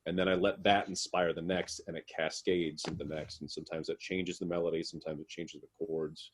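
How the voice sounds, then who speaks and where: A man's voice: low-pitched, flat delivery, fairly quick, slight background noise. A man, a guest musician, answering interview questions in a rambling way, with many fillers and restarts.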